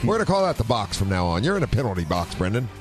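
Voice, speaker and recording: A man hosting a car talk radio show with a very deep, low voice. He talks in a laid-back, agreeable way, leaning on fillers as he steers the conversation. Faint music plays underneath. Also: sing-song, rapid-fire. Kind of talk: casual talk radio banter.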